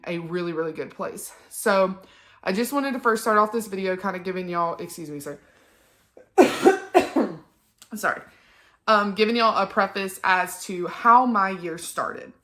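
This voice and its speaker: A woman's voice: fairly low pitch, sharp tone. A young woman, talking one-on-one to her phone camera in a personal vlog, chatty and emotional with many ums. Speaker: vlogger. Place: indoors at home on a couch.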